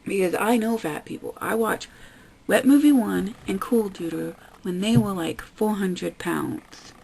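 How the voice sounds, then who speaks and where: A woman's voice: mid-range voice, unhurried, creaky, darkish tone, husky, poor audio. A woman vlogger ranting bluntly with lots of swearing, sounding fed up. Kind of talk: ranting commentary vlog.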